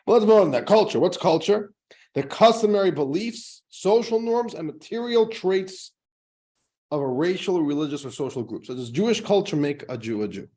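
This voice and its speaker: A man's voice: lively intonation, normal speed, darkish tone. Chatty rabbi, man, jumpy emphasis. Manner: chatty, jokey, pitch jumps up for emphasis. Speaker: rabbi teaching a class. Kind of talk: casual classroom lecture.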